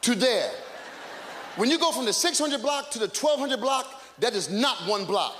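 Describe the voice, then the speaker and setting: Very high-voiced ranting stand-up comic. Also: male voice, normal speed, noisy background. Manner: animated, exasperated ranting, bursts of shouting. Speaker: stand-up comedian. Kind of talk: stand-up comedy set. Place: comedy stage in a large club before a live audience. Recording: live club recording with hall echo and audience laughter.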